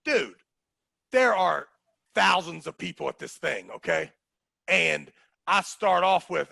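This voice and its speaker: A man telling animated, profane stories in casual conversation, acting out what others said. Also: high voice, slow pace, creaky, pauses often, no room sound. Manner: animated, profane, acts out quotes. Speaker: guest storyteller. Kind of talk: casual storytelling.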